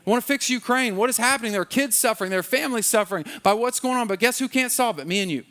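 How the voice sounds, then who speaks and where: A man preaching a conversational sermon in a church, with quick acted asides and dropping to a low, soft voice in prayer. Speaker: pastor.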